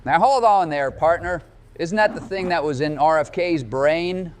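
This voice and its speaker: Brief: a man doing a folksy Southern-drawl cowboy politician, slightly raised pitch. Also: unhurried, smooth, natural voice. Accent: put-on Southern US drawl. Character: folksy cowboy-talking male ex-president impression. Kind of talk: comedic gameplay voice impression.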